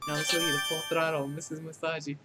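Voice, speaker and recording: Man doing a smug female AI, clinical mocking put-downs, fan game dub, higher pitch. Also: fast talker, loud music behind the voice, lightly acted, rough recording. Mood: possessive. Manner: deadpan scolding that tips into shrill outbursts. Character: smug female AI program, condescending and clingy.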